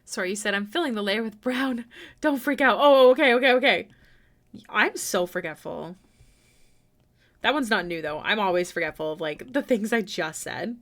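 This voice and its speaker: A young woman talks to her stream from a desk at home as she draws, casual and self-deprecating. Her pitch swings widely, and she breaks into excited exclamations easily. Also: moderate pace. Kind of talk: casual live-stream chat while drawing. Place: home room.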